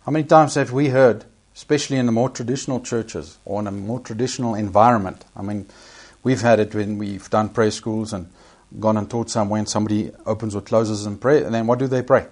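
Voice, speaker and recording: Guy preaching, emphatic, repeats stuff, pushes up loud on the scripture bits. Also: fairly low pitch, fairly even intonation, brisk, hardly any pauses. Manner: emphatic, repeats key phrases, rises sharply on quotations. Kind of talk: sermon.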